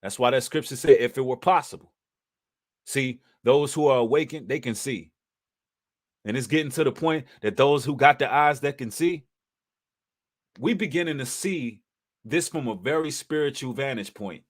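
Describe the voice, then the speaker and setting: A man's voice: mid-range voice, moderate pace. Male livestream host, mid-range voice, preacherly and emphatic, street-casual delivery. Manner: emphatic, preacherly, addresses audience as brothers and sisters; casual slang with occasional cursing.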